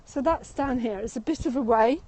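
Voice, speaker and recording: Walking through a city's meadow and gardens with a phone in hand, a tour guide live-streams her tour, chatty, rambling, and laughing often while slightly breathless. Her voice is on the high side and mellow, and she talks fairly quickly over a rough recording.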